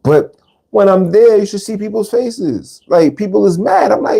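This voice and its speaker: A man's voice: high-pitched, lively intonation, moderate pace, gravelly, mellow, husky. A man hosting a podcast, talking casually in street slang and repeating words for emphasis. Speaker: podcast host. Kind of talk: casual monologue.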